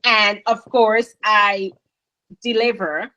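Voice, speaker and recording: A woman talking as a guest in a casual interview, lively and chatty. Her voice sits at a middle pitch. The sound is dry, with no room echo. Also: slow, highs cut off. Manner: chatty, animated storytelling. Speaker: business owner, guest.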